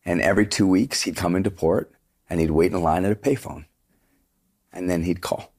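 A man's voice: low voice, steady tone, moderate pace, darkish tone. A middle-aged man, a touring singer, talking in an earnest, rambling way as an interview guest. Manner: earnest, rambling storyteller with many restarts. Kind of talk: casual interview conversation.

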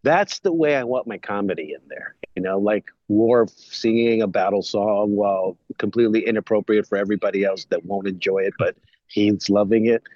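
A man's voice: lowish voice, a little fast, darkish tone, no echo. A man co-hosting a podcast, chatting casually and retelling favorite moments with enthusiasm. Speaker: podcast co-host. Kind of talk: casual chat. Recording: dry, dull lo-fi sound.

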